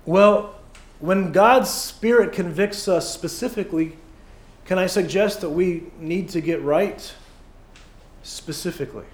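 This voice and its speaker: High-voiced joking preacher, echoey church. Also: male voice, a little slow. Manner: conversational and joking, with many fillers and acted asides. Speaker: pastor. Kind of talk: sermon. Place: church sanctuary.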